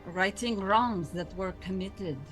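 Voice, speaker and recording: Earnest woman player, mid-pitched voice. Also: slow, a bit bright, faint music behind. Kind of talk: in-character tabletop play.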